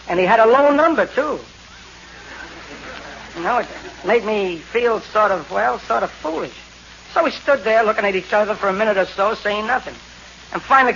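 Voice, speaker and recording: A man's voice: high-pitched, lively intonation, brisk, vocal fry, bright, forceful tone, a little hiss or hum. A man telling a brash, wisecracking comic story as a 1930s radio comedy monologue. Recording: lo-fi old radio recording.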